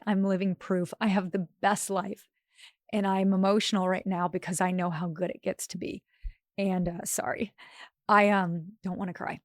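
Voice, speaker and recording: An earnest young woman speaking directly to her audience as a wellness coach, her voice warm with encouragement and sometimes close to tears. She sits at a mid-range pitch, and the sound is close and dry, with no room around it. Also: no room sound. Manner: earnest, encouraging, emotional at times. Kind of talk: heartfelt direct-to-camera talk.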